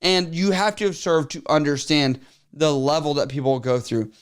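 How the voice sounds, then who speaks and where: Smooth-voiced male co-host. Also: a little high, normal speed. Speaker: podcast co-host. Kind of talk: casual podcast chat.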